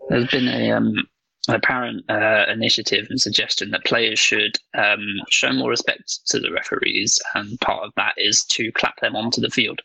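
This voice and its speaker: A man's voice: lowish voice, little pitch movement, normal speed, creaky, sharp tone, breathy edge, no room sound, poor audio. A man co-hosting a wrestling podcast in casual chat, rambling with lots of ums, swearing casually and laughing.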